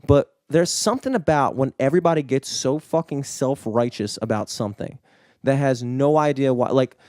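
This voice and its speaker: Mid-range and a little mellow, this man's voice moves at a moderate pace in a studio-quality recording without echo. He's a podcast co-host in casual chat, rambling along with frequent swearing and filler words.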